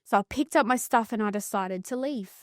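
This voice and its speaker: A woman's voice: a little high, brisk, no room sound. Aussie woman telling her story, earnest and intense, swears a bit, dry close mic. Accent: Australian. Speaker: psychotherapist guest. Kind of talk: emotional personal story in podcast conversation.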